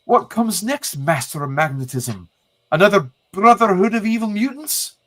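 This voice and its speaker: A man's voice: sits high, expressive, normal speed, a bit bright, pitched above the performer's own voice. A man reading as a defiant Scottish woman scientist in a put-on Scottish accent, scolding. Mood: indignant. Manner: scolding, indignant.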